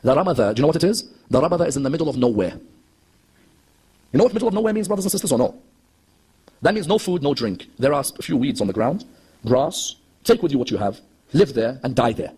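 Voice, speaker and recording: Fast, husky-voiced impassioned male preacher. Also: medium pitch, lively intonation, darkish tone. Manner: impassioned, rhetorical questions to the audience, acts out quoted dialogue. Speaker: Shia preacher. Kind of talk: lecture on religious history.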